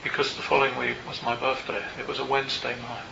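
An older man, a meditation teacher, tells a personal story to a group in a Buddhist centre, in a reflective and unhurried way with small asides. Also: mid-range voice, level tone, vocal fry, background noise. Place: Buddhist centre meeting room. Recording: roomy, slightly dull hall recording.

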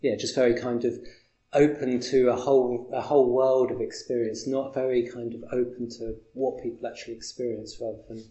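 A man tells a story in a loose, halting way, stopping often to restart a thought. His voice is warm and mellow, at a middling pitch. He sounds like he is in an echoey room. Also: level tone, dull audio. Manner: rambling, halting anecdotes with many fillers and laughs. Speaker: interviewer. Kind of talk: casual conversational storytelling.

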